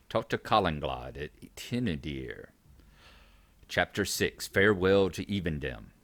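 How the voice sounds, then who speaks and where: Low, lively male game commentator. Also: takes it slowly, pauses often, no room sound. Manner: reads quest text aloud, chatty asides. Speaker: gaming channel host. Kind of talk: casual gameplay commentary.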